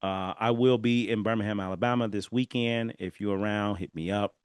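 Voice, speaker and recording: Brisk and smooth, this lowish male voice carries no echo. He's a Southern California podcaster giving a casual solo monologue, telling lively stories, laughing, and speaking directly to his audience.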